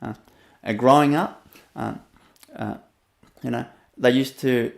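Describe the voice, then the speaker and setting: A man's voice: medium pitch, fairly even intonation, takes it slowly, gravelly. A man with a Vietnamese accent gives a rambling, storytelling webinar talk as a spiritual teacher, laughing often and leaning on fillers.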